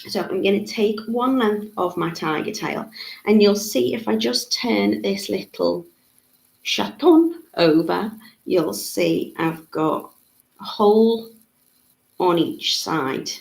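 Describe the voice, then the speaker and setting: A woman's voice: mid-range voice, slow, creaky. A woman, teaching a live beading tutorial in a chatty way, with frequent ums. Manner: chatty, reads out viewer comments, frequent ums. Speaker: jewellery-making tutor. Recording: echoey room.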